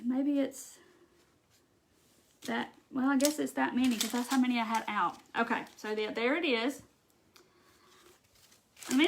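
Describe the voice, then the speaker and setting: A woman's voice: high-pitched, a little hiss or hum. Chatty Mississippi woman crafting live. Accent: Southern US, Mississippi. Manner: chatty, reads viewer comments aloud, says y'all. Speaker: craft livestream host. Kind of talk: casual live craft demo.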